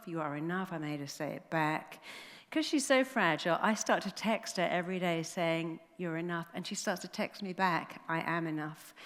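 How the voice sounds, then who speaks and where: A woman giving a stage talk, telling stories in an animated way and acting out the dialogue. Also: on the low side. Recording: long hall reverb.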